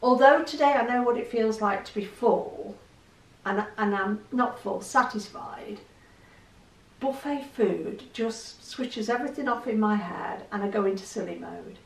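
A middle-aged woman talks candidly to the camera and pokes fun at herself. Her voice has a gravelly rasp, and she sounds a little distant in an echoey room. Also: medium pitch, unhurried. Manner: chatty, candid, self-deprecating. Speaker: vlogger. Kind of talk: casual chat to camera.

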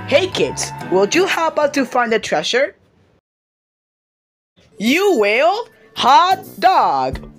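A woman hosting a homemade kids' show, talking excitedly straight to the children watching. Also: a little high. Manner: excited, talks straight to the kids.

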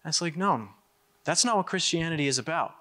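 Bright-voiced young man giving a political speech. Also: a little high, lively intonation. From United States. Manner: emphatic, repeats himself, quick asides. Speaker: conference speaker. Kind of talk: political speech to a live audience.

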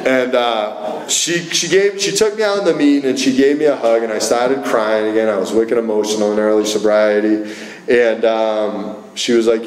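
A man's voice: fairly low pitch, moderate pace, a little hiss or hum. Guy telling his recovery story at a meeting, rambly, lots of "like" and "he said i said", echoey room. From Massachusetts. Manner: storytelling with lots of filler words and quoted dialogue. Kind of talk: personal recovery talk to an audience. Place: meeting hall.

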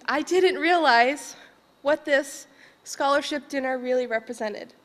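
A high-pitched woman tells a personal story at a conference, laughing often and asking the room "right?" between thoughts. Her voice is emotional and sincere. It carries a long reverberation from a large hall. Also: unhurried, a bit bright. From Vermont. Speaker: conference speaker, educator.

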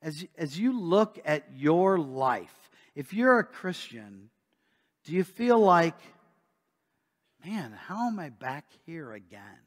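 A man preaching a sermon, reading scripture aloud and then explaining it in a conversational way, pausing and restarting. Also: a little high, big pitch swings, big-room sound. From Midwestern United States. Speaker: pastor. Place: church sanctuary.

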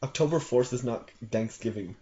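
A man's voice: medium pitch, moderate pace. Young male co-host, playful banter, slightly dull home mic. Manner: playful, bickering, loud sign-offs. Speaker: gaming channel co-host. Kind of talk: casual Minecraft gameplay chat.

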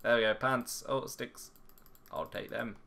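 A man's voice: mid-range voice, a little slow, creaky, a bit bright, slight background noise. A man giggling through casual gameplay commentary, goofing around with silly voices.

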